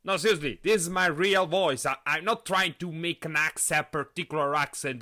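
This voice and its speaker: A young man hosting a live solo podcast, talking in an excitable way and often stumbling over and repeating his words. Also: on the high side, moderate pace, few pauses. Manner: animated, excitable. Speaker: podcast host.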